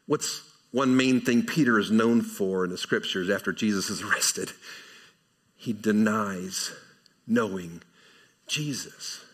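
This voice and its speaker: A man preaching a conversational sermon verse by verse, asking rhetorical questions and shifting between emphatic and quiet delivery. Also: lowish voice, takes it slowly, slightly rough. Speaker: pastor.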